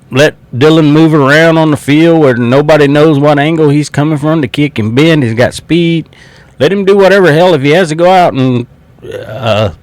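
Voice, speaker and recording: A man's voice: fairly high pitch, no room sound. A man from South Carolina with a Southern accent, talking football as a fan in a blunt, swearing, laughing casual way. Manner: blunt, swears freely, laughs between remarks. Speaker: sports fan podcaster.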